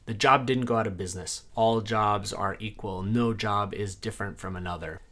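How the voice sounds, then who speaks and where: A man who teaches a language reviews a translation tool in a casual way. He says each phrase aloud and then explains what it means, adding quick asides. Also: fairly low pitch, steady tone, sharp tone, faint music behind.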